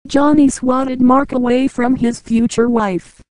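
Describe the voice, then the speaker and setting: A woman reading a novel aloud as an audiobook narrator, in a measured, even way, dropping lower for the men's lines. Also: dry recording, rough recording. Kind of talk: audiobook narration with light character voices.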